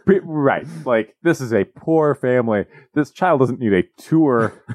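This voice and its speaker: A man's voice: animated, a little slow, a little mellow, no echo. A man co-hosting a podcast in casual chat, sardonic and swearing freely as he jokes. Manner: sardonic, swears freely, jumps into high mock voices. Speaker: podcast co-host.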